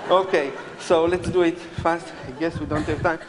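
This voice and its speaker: A man's voice: on the high side, fairly even intonation, normal speed, crowd noise. A man performing as a mentalist on a live stage, joking nervously with volunteers in slightly unidiomatic English. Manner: joking, nervous, non-native phrasing. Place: large theatre stage before a live audience. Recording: live stage sound with long hall reverb and audible noise.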